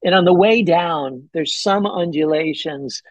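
A man telling a hunting story as a podcast guest, excited and rambling, with many fillers and restarts. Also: measured pace, no echo, poor audio. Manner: acts out his own past words with big pitch jumps. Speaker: podcast guest, bowhunter and pastor. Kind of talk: casual storytelling in an interview.

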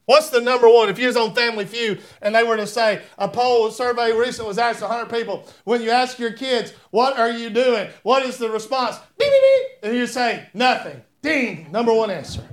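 Male preacher with a very high, bright voice; conversational, then fervent and shouting. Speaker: pastor. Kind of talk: sermon. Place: church sanctuary.

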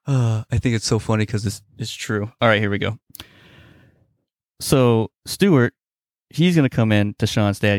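A man's voice: on the low side, darkish tone, clean tone, no echo, studio quality. A man co-hosting a podcast, narrating a dice-roll battle in a jokey, laughing way. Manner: laughs often, jokey play-by-play. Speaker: podcast co-host.

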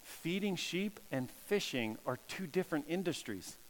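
A man preaching in a relaxed, conversational way, slipping into lively voiced quotes as he tells the story. His voice carries a long reverb tail, as in a large hall. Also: on the high side, moderate pace, slight background noise. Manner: casual, animated preaching with voiced quotes and laughs. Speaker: pastor. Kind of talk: sermon.

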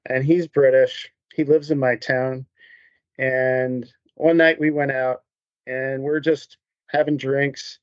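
A man guest on a business podcast, telling stories in an animated, conversational way and acting out what people said. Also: mid-range voice, slow, dry recording, muffled recording. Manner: animated storyteller, acts out quotes. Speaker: podcast guest, MSP consultant. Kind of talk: conversational interview storytelling.

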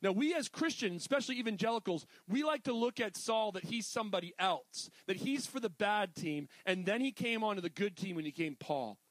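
A middle-aged man preaching a sermon in a casual, animated way, full of jokey asides. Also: high voice, brisk, few pauses, no echo. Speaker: pastor.

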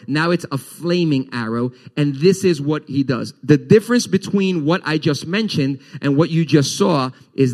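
In a church, a male pastor with a slightly high voice preaches animatedly to his congregation. His voice rises and falls as he explains scripture.

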